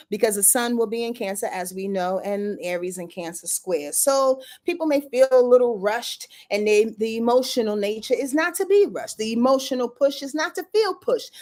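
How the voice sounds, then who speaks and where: A woman's voice: mid-range voice, a little mellow. Slangy woman astrologer talking to viewers. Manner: loose and slangy, talks straight to viewers, swears, laughs. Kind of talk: casual astrology forecast.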